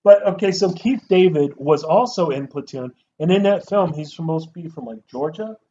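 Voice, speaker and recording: A man's voice: fairly high pitch, moderate pace. Swearing man reviewing movies, lo-fi. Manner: animated, swears a lot, mimics actors. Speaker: co-host of a movie review show. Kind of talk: casual profane movie review chat. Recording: dull lo-fi sound with faint noise.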